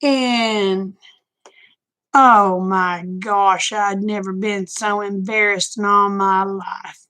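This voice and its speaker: A woman's voice: mid-range voice, steady tone, drawn-out words, bright, forceful tone. An older woman, chatting casually and telling candid, folksy stories to her stream. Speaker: live-stream host. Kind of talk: casual chat storytelling.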